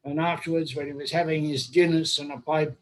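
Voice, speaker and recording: A man's voice: on the high side, steady tone, brisk, rough recording. An older man with an English accent hosts an online roundtable, telling long, wry, humorous anecdotes. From England. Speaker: host. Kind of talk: anecdotal storytelling.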